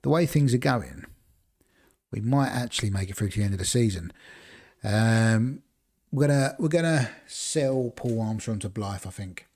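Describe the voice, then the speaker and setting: A man's voice: lowish voice, animated, moderate pace, darkish tone. A man casually commentating as he plays a football management game on a live stream, rambling and chatting to viewers between decisions. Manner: rambling, chatty, talks to chat between choices.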